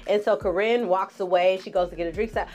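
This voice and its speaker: A woman giving a casual, sassy recap as a vlogger, talking in an expressive, chatty way. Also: medium pitch, quick pace, faint music behind. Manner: sassy, expressive, laughs often, acts out quotes in exaggerated voices. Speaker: vlogger recapping a reality show.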